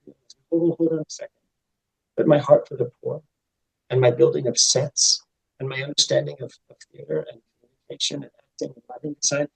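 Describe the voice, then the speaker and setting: Middle-aged guy on a podcast, gravelly voice, earnest, gets fired up when he makes his point. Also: on the high side, darkish tone, rough recording. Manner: earnest, reflective, builds to fervent emphasis. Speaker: guest. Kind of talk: conversational interview storytelling.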